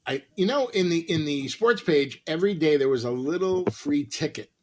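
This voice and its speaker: A man's voice: fairly high pitch, moderate pace. Rambling, profane male comedian storyteller. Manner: profane, animated, piles up quoted dialogue. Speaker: guest comedian and actor.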